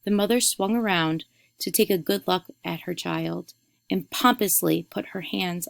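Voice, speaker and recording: A woman who teaches eighth grade reading, giving instructions and reading a story aloud clearly for her students. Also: fairly low pitch, unhurried, no room sound.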